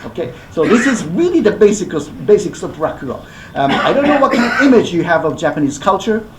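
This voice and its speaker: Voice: medium pitch, very animated, brisk, reverberant, very noisy. Playful performer coaching a live audience. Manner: playful, coaxing, gives step-by-step instructions. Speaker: rakugo performer.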